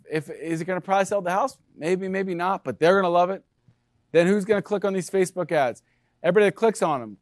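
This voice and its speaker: Male presenter, lively sales talk to agents, slightly high pitch, dry recording. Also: dry recording. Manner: energetic, talks to the room with frequent "right?". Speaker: brokerage presenter.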